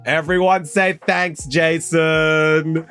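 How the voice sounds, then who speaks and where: A young Australian man hosting a casual live stream, chatty and excitable, calling viewers mate and bro and breaking into loud, high exclamations. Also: drawn-out words, smooth, faint music behind. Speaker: live stream host opening trading card packs.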